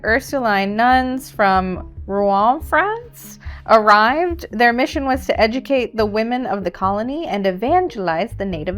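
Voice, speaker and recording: Woman narrating a spooky history podcast. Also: on the high side. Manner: steady storyteller, playful, laughs at own slips. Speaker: podcast co-host reading the story. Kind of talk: reading a scripted history segment.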